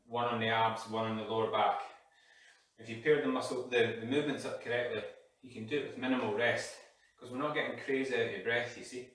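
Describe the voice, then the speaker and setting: A man's voice: medium pitch, fairly bright tone. A man leading a live workout while exercising, out of breath and breathing hard as he talks. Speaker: fitness coach. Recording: echoey room, mic far off.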